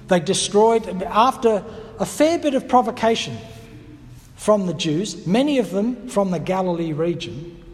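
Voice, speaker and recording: A man's voice: a little high, a little mellow, big-room sound. A man preaching a sermon in a reflective, teacherly way, posing rhetorical questions to his listeners.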